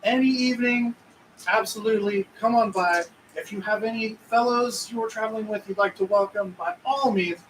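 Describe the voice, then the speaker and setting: A man's voice: high-pitched, steady tone, brisk, fairly bright tone, far from the mic, a little hiss or hum, voice pushed up, poor audio. A man voicing a welcoming frontier host who invites guests back and teases them about single ladies. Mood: inviting.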